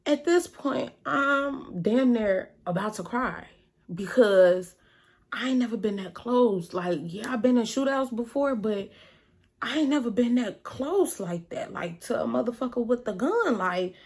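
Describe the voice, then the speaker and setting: A woman vlogger telling a story in a casual, animated, slangy and profane way. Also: a little high, a little slow, slightly rough.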